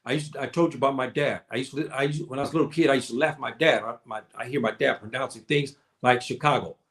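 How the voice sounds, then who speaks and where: A man's voice: medium pitch, fast talker, a bit bright. A man with an African American accent giving a spoken lecture to online viewers, preacherly and repeating his points. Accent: African American English. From United States. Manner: preacherly, repeats "brothers and sisters" and "okay".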